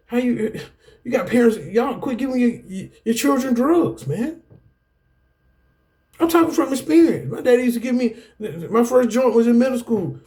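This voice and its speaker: A middle-aged man with a fairly high voice speaks in an anger management class. He tells his own story like a preacher, animated and direct, and keeps calling out to the listeners. He often swings his pitch up and down for emphasis. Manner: animated, preacherly, repeats "guess what" and "y'all". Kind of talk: personal testimony lecture.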